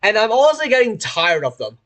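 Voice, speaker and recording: A man's voice: high-pitched, sing-song, a little fast, fairly bright tone. Rambling young man with a sore throat. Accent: British-sounding English. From Hong Kong. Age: young adult. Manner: rambling and self-correcting, often restarting phrases. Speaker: streamer. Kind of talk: casual live-stream chat while playing a train simulator.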